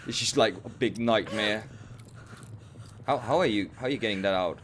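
A man's voice: on the low side, a little fast, fairly bright tone, a little hiss or hum. A frightened man, commentating as he plays a horror game, jittery and repeating himself when scared. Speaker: gamer playing a horror game. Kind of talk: nervous horror let's play commentary.

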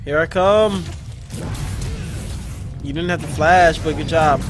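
A man's voice: fairly high pitch, over music. A man giving live, profane, easily frustrated commentary on his own gameplay. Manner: excitable, profane, quick to frustration. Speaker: gaming channel host.

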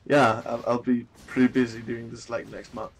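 A man's voice: mid-range voice, flat delivery, moderate pace, a little hiss or hum. A man from Denmark, a native Danish speaker with a Danish accent, chatting casually while streaming a game. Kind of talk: casual gaming chat.

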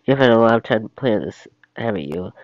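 A man's voice: lowish voice, animated, fast, dry recording, lightly acted. A man voicing a prim, romantic young princess in a solo script reading, with fussy, theatrical, old-fashioned phrasing. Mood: expectant. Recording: dull lo-fi stream audio.

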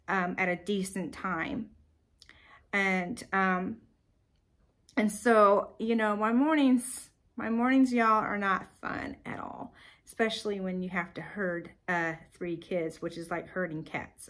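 A woman podcast host telling a personal story in a chatty, animated way, with sighs and filler words. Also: mid-range voice.

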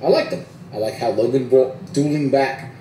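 A man's voice: medium pitch, normal speed, mellow. A man talking heatedly in casual chat, emphatic and profane, repeating himself for stress. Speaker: media personality. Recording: echoey room from a distance, faint hiss.

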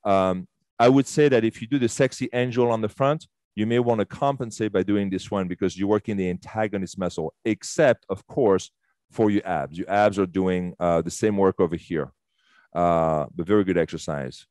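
Low-voiced male fitness instructor, dry close sound, chatty, enthusiastic, casual swearing. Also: normal speed, darkish tone, dry recording. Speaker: fitness instructor leading a workshop. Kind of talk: casual live workshop instruction. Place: fitness studio.

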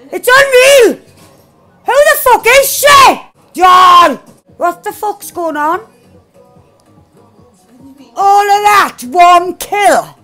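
A woman giving excited gameplay commentary as a streamer, shouting, swearing and cheering at the action. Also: very high-pitched. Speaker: gaming streamer.

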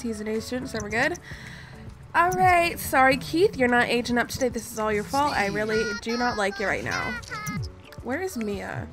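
A woman hosting a gaming channel, giving casual gameplay commentary in a chatty, mock-exasperated way and scolding the characters on screen. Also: a little high. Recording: voice over clear background music. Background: background music.

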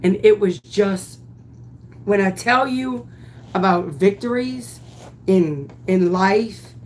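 A woman who coaches softball and teaches, telling a story in an animated, emphatic way with casual swearing. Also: medium pitch, takes it slowly, a little hiss or hum.

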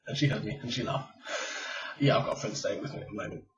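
A man's voice: lowish voice, quick pace. Rambling man on a dull webcam mic. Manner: rambling, chatty, self-deprecating, with frequent ums. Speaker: vlogger. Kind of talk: casual tag vlog chat. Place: home room with a webcam. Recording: dull lo-fi webcam sound, a bit far from the mic.

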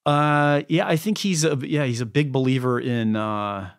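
A man speaking as a podcast guest, wordy and halting, with frequent fillers and restarts. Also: mid-range voice, creaky. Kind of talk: conversational interview.

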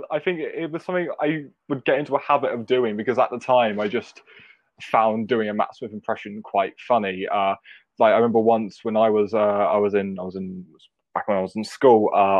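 A young man in his twenties telling stories in an animated way, full of restarts and laughter. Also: fairly low pitch, no room sound, lo-fi sound. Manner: animated storyteller, halting restarts. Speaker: podcast co-host. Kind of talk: casual chat.

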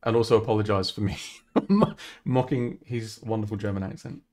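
A man's voice: fairly low pitch, brisk, background noise. A man chatting casually on a live stream while working on a song, talking things through and poking fun at himself. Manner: chatty, self-deprecating, thinking aloud. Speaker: musician streaming his song production.

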